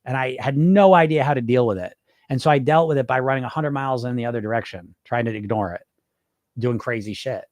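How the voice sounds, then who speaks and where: A man's voice: mid-range voice, fast talker, darkish tone, no echo. Chatty man hosting a live show. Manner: chatty, loose, full of fillers and restarts. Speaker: podcast host answering live chat. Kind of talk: casual live-stream talk.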